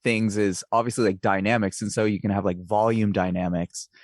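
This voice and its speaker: Low-voiced man, dry close sound. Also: little pitch movement, brisk, no echo. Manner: rambling, filler-heavy. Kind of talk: casual podcast chat about music.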